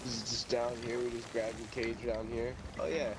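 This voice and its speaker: A man's voice: medium pitch, flat delivery, normal speed, background noise. A man asking blunt, swearing questions while playing an online game with friends. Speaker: player. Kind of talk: casual gaming chat. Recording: loud game sounds behind the voice.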